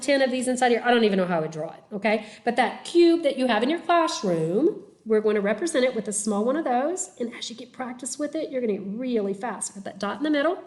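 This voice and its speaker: Lady teacher doing a math video, slightly high voice, slow and patient, counts out loud while drawing. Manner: patient, step-by-step explaining with frequent "okay?" checks; counts aloud while drawing, trailing off quietly.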